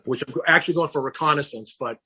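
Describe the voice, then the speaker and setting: Husky, animated middle-aged man. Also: fairly high pitch, fast. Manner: animated storyteller who acts out quoted dialogue. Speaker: guest, campaign founder. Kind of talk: casual podcast interview.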